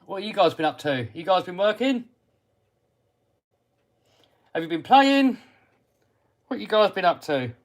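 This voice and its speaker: Very animated but a little slow, with long pauses, this Englishman hosts a laid-back RC car livestream, answering viewer comments he reads out in a friendly, chatty way. His voice is slightly high for a man, and he sometimes mutters quietly while working on a part.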